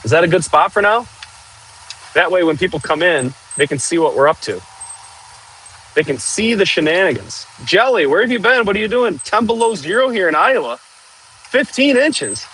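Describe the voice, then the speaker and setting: A man hosting a casual outdoor livestream, chatting and joking with viewers while clearing trees with a machine. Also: high-pitched, expressive, a little fast, fairly bright tone, a little hiss or hum, rough recording. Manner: chatty, jokey, talks to viewers while working. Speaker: livestream host.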